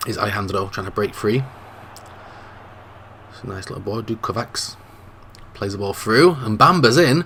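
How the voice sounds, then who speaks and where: A man with a dry, slightly coughy throat giving play-by-play commentary on a football video game. His call is mostly low-key and jumps into excited shouts at goal chances. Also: normal speed, vocal fry, long pauses, slight background noise. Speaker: gaming channel host.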